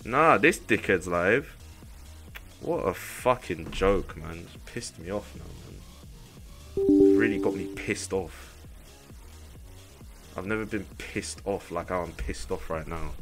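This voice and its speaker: Young male streamer, low, forceful voice, profane and irritated. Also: expressive, takes it slowly, gravelly, long pauses, faint music behind. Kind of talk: livestream chat to viewers.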